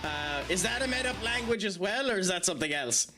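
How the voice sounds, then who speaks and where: A man's voice: high-pitched, expressive, fairly quick, sharp tone. A man chatting casually with his live-stream viewers, laughing often and poking fun at himself. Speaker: game streamer reading chat. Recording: game music behind voice. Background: game music.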